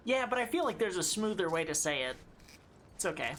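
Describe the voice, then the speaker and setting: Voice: mid-range voice, sing-song, brisk, fairly bright tone, a little hiss or hum. A streamer giving live gameplay commentary, talking to themself and to chat and swearing freely.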